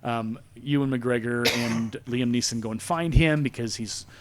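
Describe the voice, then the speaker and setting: A man in his forties hosting a podcast, chatting casually in an animated, jokey, rambling way. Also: medium pitch, unhurried, heavy background noise. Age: 40s. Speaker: podcast host. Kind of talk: casual chat.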